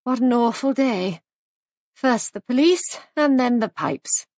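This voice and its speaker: A woman's voice: high voice, lively intonation, normal speed, dry recording, clean studio sound, voice pushed up. A woman voicing a flustered young innkeeper who speaks in a fretful, exclaiming way.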